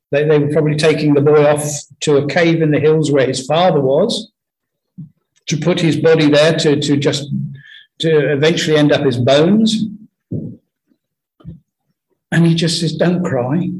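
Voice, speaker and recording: Earnest man preaching, slightly high voice. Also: a little mellow, rough recording. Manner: earnest, anecdotal, halting with many restarts. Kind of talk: conversational sermon.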